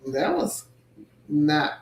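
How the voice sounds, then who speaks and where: Slow-talking woman greeting stream viewers. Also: low voice, big pitch swings, reverberant. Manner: greets viewers by name and reads their comments aloud. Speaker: co-host reading viewer comments. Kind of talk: casual livestream chat.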